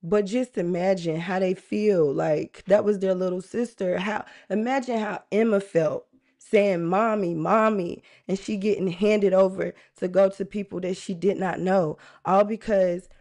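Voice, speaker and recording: A woman's voice: medium pitch, fairly even intonation, measured pace, dark tone. A woman hosting a true crime live stream, talking earnestly and chattily straight to her viewers. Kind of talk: casual live-stream commentary.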